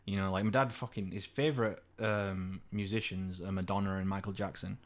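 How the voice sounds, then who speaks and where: A young man co-hosting a podcast, his voice a touch lower than most. He chats casually, swears freely, and jumps his pitch up whenever he imitates his dad. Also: steady tone, brisk. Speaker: podcast co-host. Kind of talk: casual chat.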